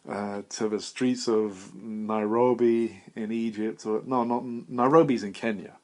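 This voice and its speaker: A man's voice: fairly low pitch, fairly even intonation, a little slow, hardly any pauses. Young guy, solo podcast rant, meandering and foul-mouthed, self-mocking. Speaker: podcast host. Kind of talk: rambling solo monologue.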